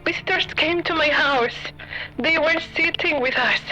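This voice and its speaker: A woman voicing a frightened young child begging for shelter, in halting, panicked speech, in a game stream with dull lo-fi audio. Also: high-pitched, sharp tone, faint music behind. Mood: scared.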